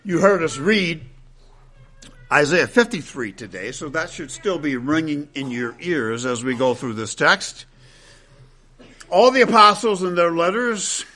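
Guy preaching, quotes scripture in a measured steady way, kinda high voice, leans hard on key words. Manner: deliberate, emphatic, with slowed stresses on key phrases. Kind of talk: expository sermon.

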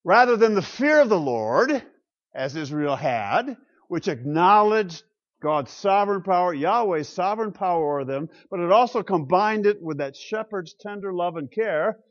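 A man giving a classroom lecture on the Psalms, emphatic and animated, with rhetorical questions and chuckles. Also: sits high, moderate pace, highs cut off. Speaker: Bible lecturer.

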